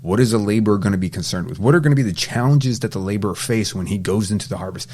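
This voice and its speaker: A man's voice: fairly low pitch, very fast, a little mellow. A man giving a casual Bible study, reading verses aloud and paraphrasing them in everyday talk. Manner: reads scripture then paraphrases casually. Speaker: Bible teacher.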